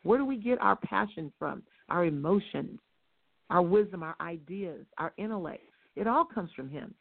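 A woman teaching on a religious talk show, emphatic and fond of rhetorical questions, with her stresses rising close to shouting. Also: lowish voice, expressive, normal speed, gravelly. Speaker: guest speaker. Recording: tinny phone line.

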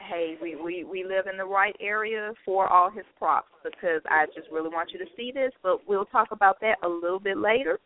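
A woman's voice: medium pitch, a little fast, hardly any pauses. Chatty woman host on a tinny phone line. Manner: friendly, chatty, laughs easily. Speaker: radio show host. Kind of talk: casual internet radio chat.

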